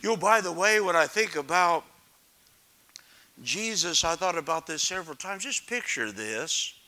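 High, bright-voiced dramatic preacher man. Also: lively intonation, normal speed. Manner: dramatic, swings from loud calls to hushed near-whispers; asks the congregation questions. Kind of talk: sermon.

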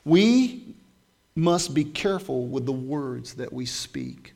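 Gravelly-voiced man preaching a sermon. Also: medium pitch, animated, slow pace, darkish tone. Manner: conversational preaching, rising to emphatic scripture reading. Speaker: pastor.

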